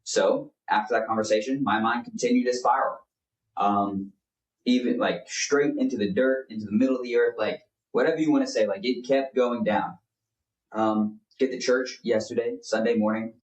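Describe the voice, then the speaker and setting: A man's voice: medium pitch, normal speed. Earnest young man, distant and roomy. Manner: earnest, rambling with many fillers. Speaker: podcast co-host. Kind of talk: casual faith chat.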